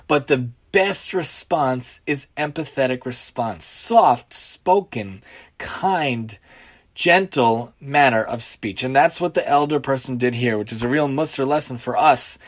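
A man's voice: mid-range voice, a little slow. A man telling a story and drawing a moral lesson from it, talking earnestly with a lot of repetition for emphasis. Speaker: teacher of Musar lessons.

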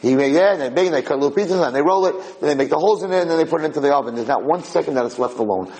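A man giving a Torah lecture, telling lively personal stories and acting out the dialogue, with frequent "right?" asides. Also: on the high side, very fast, low-quality recording. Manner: animated storyteller, acts out dialogue, frequent "right?".

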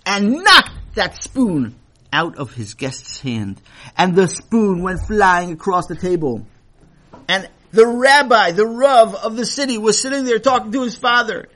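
Animated male children's storyteller. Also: high voice, a little slow.

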